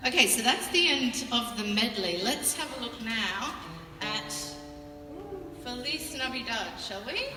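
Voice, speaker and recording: A woman's voice: fairly high pitch, animated, measured pace. An Australian woman leading a choir rehearsal, upbeat and encouraging, who breaks into song to show the parts. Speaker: choir leader. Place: large town hall. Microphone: camera on a tripod, far from the speaker. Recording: echoey hall from far off, with music. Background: choir and instrument.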